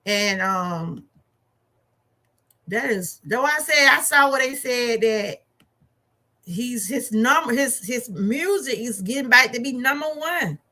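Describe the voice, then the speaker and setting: A middle-aged woman chats through a movie review, telling stories with lively asides. Her voice sits a little high and rings bright and forceful. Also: takes it slowly. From Georgia, USA. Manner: animated, chatty storytelling with laughs and asides. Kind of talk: casual chat.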